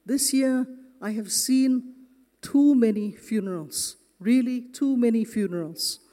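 A man preaching a sermon as pastor, slow and earnest, leaning hard on key words in a church. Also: very high-pitched, mellow. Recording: long reverb of a large hall.

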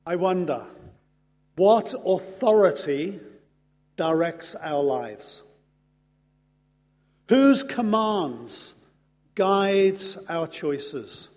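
A man preaching a sermon in an earnest, measured way, pausing slowly for emphasis. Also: high voice, lively intonation, darkish tone. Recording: long hall reverb.

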